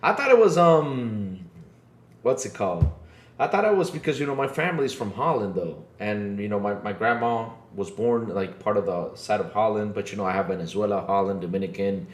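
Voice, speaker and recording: A man's voice: lowish voice, a little fast. A man hosting a podcast in casual chat, joking around with lots of fillers and repeated words. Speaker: podcast host. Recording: roomy echo.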